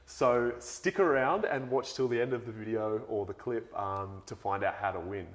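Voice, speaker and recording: A man's voice: lowish voice, normal speed. Eager man hosting an interview. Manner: eager, upbeat presenter. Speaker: host.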